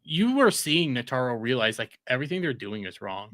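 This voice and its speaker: A man's voice: medium pitch, very animated, fairly quick, fairly bright tone, no echo. A man co-hosting a casual anime discussion, adding short corrections and side notes. The recording is dry and close, with no room sound. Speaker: co-host.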